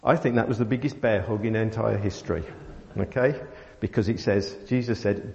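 A man preaching a sermon, telling a family story with many pauses and fillers. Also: lowish voice, steady tone, gravelly, darkish tone. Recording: dull sound in a long-reverb hall.

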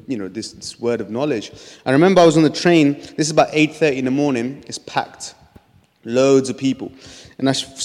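Man preaching in a reverberant hall. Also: medium pitch. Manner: earnest storytelling with frequent restarts. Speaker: speaker sharing a testimony. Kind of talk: testimony preaching.

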